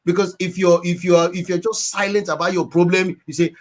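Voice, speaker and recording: A man's voice: high voice, fairly even intonation, fairly quick. A man giving earnest, preachy advice as a guest counselor, repeating phrases for emphasis. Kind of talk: advice talk.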